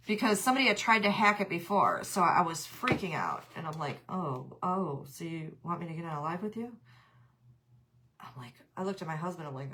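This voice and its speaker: A woman's voice: lowish voice, a little fast, fairly bright tone, slight background noise. A woman hosting a casual craft livestream, chatting with viewers, laughing often and reading out their comments.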